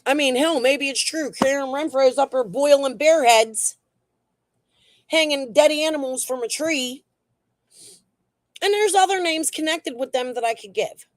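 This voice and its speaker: A woman's voice: high voice, measured pace, pauses often, dry recording. A woman hosting a casual true crime livestream and reading the chat, talking in a blunt, heated way that is full of swearing.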